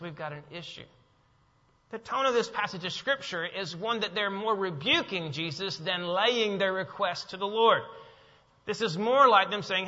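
A man preaching a sermon as pastor, swinging from loud, emphatic bursts to quiet, low passages. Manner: preaching with rising, emphatic bursts and soft drops. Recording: dull sound with long hall reverb.

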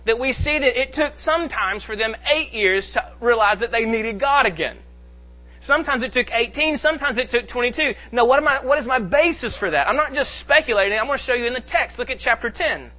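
A male pastor delivering a sermon in a very high, bright voice. He reads scripture aloud and presses his points with sudden rises and drops in volume. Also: expressive, a little fast.

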